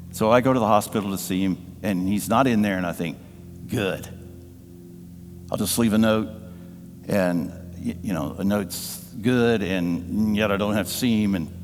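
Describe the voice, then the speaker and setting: Man, pastor, live sermon, low voice, heartfelt storytelling, band music behind, long church reverb. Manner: storytelling, emotional, drops to a hush. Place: church sanctuary. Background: band playing softly.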